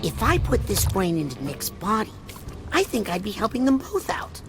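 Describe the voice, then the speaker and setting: A plucky, inquisitive young boy psychic, played by a woman in a video game. He quips and asks questions in a lively, bouncing voice. Game music plays clearly underneath. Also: mid-range voice, normal speed, close to an everyday voice. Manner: inquisitive, quippy. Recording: game music playing behind.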